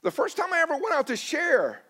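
A man's voice: very high voice, wildly swooping pitch, fairly quick, bright, forceful tone. A middle-aged man preaching a sermon as a pastor, telling stories in a conversational, self-deprecating way and acting out his own past dialogue.

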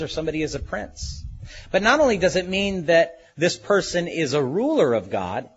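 A male pastor delivering an expository sermon, earnest and unhurried, dwelling slowly on key words. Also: on the high side, slightly rough, highs cut off.

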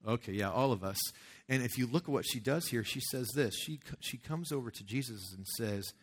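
A man's voice: medium pitch, a little fast. A man preaching a casual sermon as a youth pastor, talking conversationally and acting out quoted voices.

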